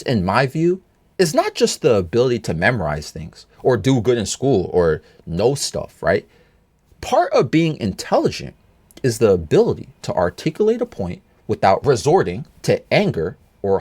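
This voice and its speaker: Casual male storyteller, opinionated and rambling, very lively pitch swings. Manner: animated, rambling, swings pitch high in exasperation.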